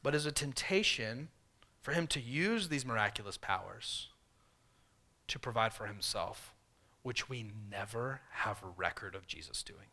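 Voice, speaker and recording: A man preaching a sermon in a conversational way, voicing the tempter's questions in softer, lower tones. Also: animated, unhurried. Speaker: pastor.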